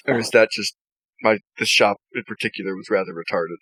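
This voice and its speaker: A man's voice: mid-range voice, steady tone, fairly quick, fairly bright tone, no echo, rough recording. A man hosting a podcast, telling a profane, laughing story in casual chat. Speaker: podcast host.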